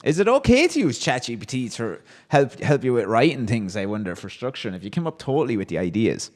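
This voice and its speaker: A man's voice: medium pitch, big pitch swings, quick pace, darkish tone, big-room sound. A man hosting a livestream, reading viewers' comments aloud and answering them with wry, amused banter. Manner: wry, chatty, reacts to chat with amused banter. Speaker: livestream host.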